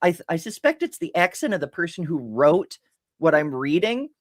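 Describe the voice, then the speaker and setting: A woman's voice: lowish voice, sing-song, moderate pace, no echo, clean studio sound. A woman hosting a casual live stream, telling a story in a rambling way, often breaking off mid-sentence and laughing.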